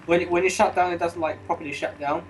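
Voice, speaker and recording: A man's voice: high-pitched, steady tone, fast talker, soft background music, rough recording. A man chatting casually on a call, rambling with lots of fillers. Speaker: guest on a voice call. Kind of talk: casual chat.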